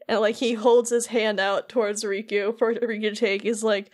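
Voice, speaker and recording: A woman's voice: medium pitch, level tone, normal speed, few pauses. A woman co-hosting a podcast, casually recapping a video game, laughing often and acting out lines in jokey voices. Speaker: podcast co-host.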